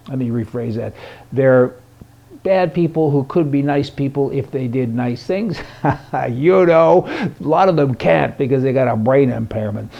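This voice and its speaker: A man's voice: mid-range voice, vocal fry. A man hosting a conservative news commentary show, sarcastic and folksy, chuckling at his own jokes. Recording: dull lo-fi recording.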